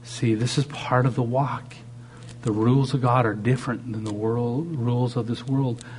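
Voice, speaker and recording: A man's voice: mid-range voice, steady tone, normal speed, darkish tone, slight background noise. A man preaching a sermon, shifting dramatically in tone and acting out the voices he quotes. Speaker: pastor.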